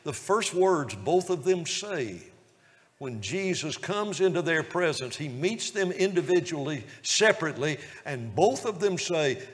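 A man's voice: fairly high pitch, lively intonation, unhurried. Impassioned male preacher in a reverberant hall. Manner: swells from hushed storytelling to loud impassioned preaching. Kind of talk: sermon.

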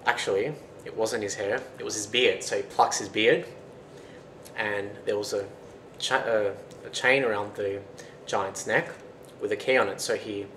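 A man's voice: lowish voice, a bit bright. Casual male folktale storyteller. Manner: casual, conversational narration with fillers. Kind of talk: retelling a folktale. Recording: roomy with faint noise.

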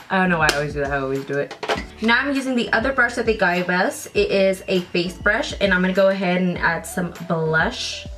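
A woman's voice: lowish voice, lively intonation, a little fast, fairly bright tone. A young woman vlogging a casual makeup unboxing, chatty and loose, thinking aloud and swearing now and then. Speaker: beauty vlogger.

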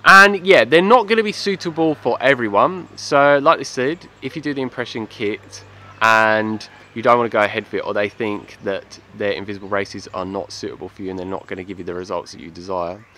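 A vlogger with a lowish voice reviews his aligners to camera in a brisk, sharp tone, with slight background noise. He is casual and enthusiastic, chatty and repetitive, recommending them while repeating "like I said" and "yeah," and the aligners give him a slight lisp.

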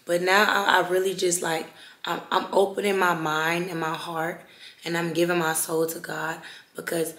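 A young woman talking to her vlog audience, halting and fervent, often repeating herself. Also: on the low side, a bit bright. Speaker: vlogger. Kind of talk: emotional personal vlog talk. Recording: echoey room.

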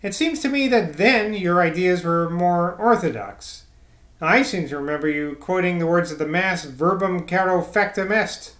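A man's voice: high-pitched, moderate pace, fairly bright tone. A man voicing an earnest, sententious middle-aged man. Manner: sententious, reminiscing. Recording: echoey room.

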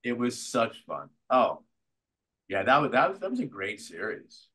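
An older man, an actor being interviewed, telling stories from his life and career in a lively way, acting out the voices of people he quotes. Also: mid-range voice, a little slow, breathy edge, rough recording. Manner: animated storyteller who acts out quotes. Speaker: guest actor. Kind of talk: conversational interview storytelling.

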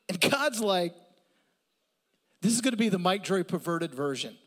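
A middle-aged male pastor preaching a sermon with animated storytelling, swinging from loud, high comic bits to low, quiet serious points. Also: slow, pauses often. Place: church sanctuary. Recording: long hall reverb.

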